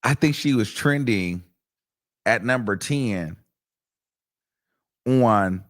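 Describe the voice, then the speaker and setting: A man's voice: on the low side, extremely slow. A man hosts a casual commentary stream in a loose, gossipy way, with plenty of fillers and profanity. He throws his voice up and down as he acts out other people's words. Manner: chatty, animated and profane, with lots of fillers. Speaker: host.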